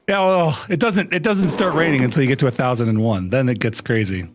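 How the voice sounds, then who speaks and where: With faint music behind him, a young man streams live and fires off a mock-exasperated rant at his viewers, full of swearing and laughter. His medium-pitched voice moves quickly, with few pauses.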